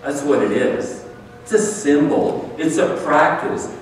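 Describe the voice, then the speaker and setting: Pastor, male, slightly high voice, unhurried earnest sermon delivery, booming hall reverb. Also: slight background noise. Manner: earnest, conversational preaching with emphatic repetition. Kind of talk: communion sermon. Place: church sanctuary. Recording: echoey hall, far from the mic.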